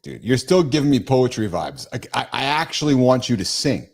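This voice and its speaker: A man's voice: mid-range voice, big pitch swings, a little fast. Blunt, teasing male show host. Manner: teasing, blunt, repeats words. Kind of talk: casual live show chat.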